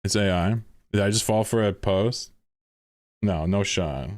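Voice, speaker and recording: A man's voice: on the low side, a little slow, darkish tone, dry recording, studio quality. A man commentating casually on a stream, exasperated and swearing as he reads posts aloud.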